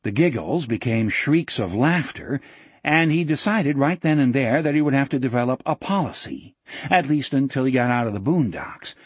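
A man narrating a novel as an audiobook in a steady, measured storytelling voice. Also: mid-range voice, slightly rough, no echo. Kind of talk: scripted narration.

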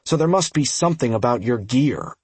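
A weary veteran dagger fighter who talks low and tired, as a man puts him on. His voice is husky and mid-pitched, close to the narrator's own. The recording is dry and close. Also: lively intonation, fairly quick, darkish tone, dry recording. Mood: warning.

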